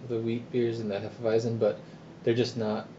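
A man's voice: medium pitch, level tone, fairly quick, mellow, muffled recording, slight background noise. A man co-hosting a beer review show in casual chat, laid-back with brief replies.

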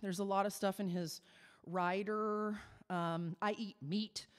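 A woman's voice: mid-range voice, steady tone, slow pace, clean tone, big-room sound. A woman from Texas, a cabaret singer telling chatty, self-mocking stories between songs. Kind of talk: stage patter between songs.

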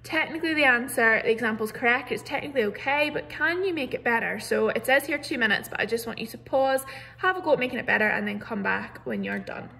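A young woman teaches a recorded grammar lesson, her fairly high voice edged with a gravelly fry. She explains each rule patiently, step by step, and stresses the example words as she reads them aloud. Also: sing-song, quick pace, bright, forceful tone. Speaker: primary school teacher.

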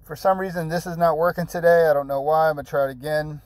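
A man's voice: a little high, fairly even intonation, fast talker, darkish tone, no echo. Chatty, rambling man with a dry sound. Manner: rambling and chatty, with repeated words and fillers; jokey and blunt, with mild swearing. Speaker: channel host. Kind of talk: casual screen-recorded app tutorial.

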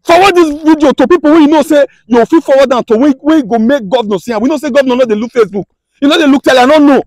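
A man's voice: extremely high pitch, very fast, darkish tone, dry recording. A man with a Nigerian accent, a vlogger urgently pleading with viewers to share his appeal for help. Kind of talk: impassioned appeal to camera.

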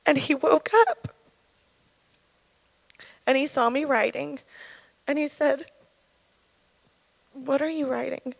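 A woman in her thirties giving an earnest, halting personal testimony at church, her voice shaken with emotion. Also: high voice, fairly even intonation, creaky, no room sound, poor audio. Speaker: church speaker sharing testimony.

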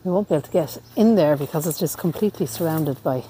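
Woman, outdoor walking-tour vlog, slightly low voice, unhurried, reads inscriptions aloud, handheld camera mic. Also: warm tone, slight background noise. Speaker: vlogger. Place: outdoors in a graveyard.

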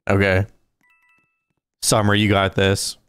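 A man livestreaming a video game, chatting casually and reacting out loud as he plays. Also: fairly low pitch, normal speed, clear, resonant tone, no room sound. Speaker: gaming streamer. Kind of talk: casual live gameplay commentary.

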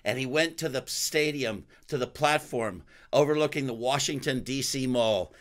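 A man hosting a podcast, telling a story in an animated way and breaking into loud exclamations. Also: medium pitch, normal speed. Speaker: podcast host. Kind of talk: storytelling interview chat.

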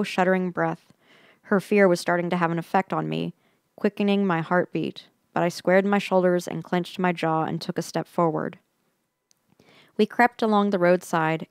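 A woman with a lowish voice reads a spooky first-person tale into a close mic, building suspense and sinking into hushed whispers at the tense moments. The recording is dry and intimate. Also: smooth, no room sound. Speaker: podcast host reading a story. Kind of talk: dramatic first-person story reading.

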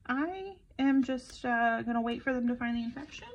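Tired, rambling woman with a gravelly edge. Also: fairly high pitch, expressive, moderate pace. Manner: rambling, self-deprecating storyteller. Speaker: planner vlogger. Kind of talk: casual chat while planning. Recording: slightly dull lo-fi audio.

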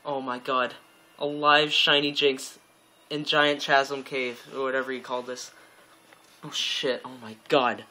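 A man's voice: mid-range voice, level tone, measured pace, pushed and bright. A young man commentating his own gameplay live, overexcited, gasping, swearing and repeating himself, talking to viewers and friends on a call. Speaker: game streamer.

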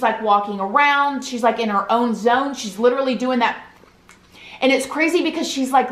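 A woman with a Southern US accent tells a story straight to her viewers, earnest and chatty, calling them "you guys". Her voice sits a little high for a woman. The room around her is noticeably roomy and echoey. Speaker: YouTube storyteller. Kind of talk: casual storytime to camera. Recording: roomy echoey home recording.

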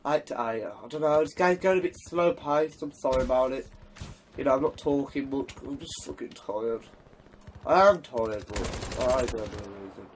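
A young man casually commentating his own shooter game, excitable and swearing, trash-talking as he plays. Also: mid-range voice, moderate pace, a little hiss or hum. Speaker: gaming commentator.

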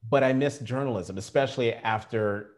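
A middle-aged man telling career stories in an interview, animated and acting out the quotes. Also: mid-range voice, normal speed. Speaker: journalist guest. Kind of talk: storytelling interview.

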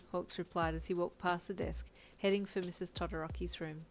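A woman calmly narrating a fan-made audio story in an even storytelling voice. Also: fairly low pitch, a little fast, hardly any pauses, slight background noise. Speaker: fanfiction narrator. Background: faint lo-fi background music.

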